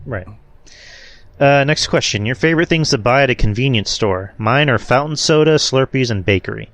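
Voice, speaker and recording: A young man hosts a podcast in a mid-range, fairly bright voice at normal speed. His casual chat rambles, packed with fillers and restarts.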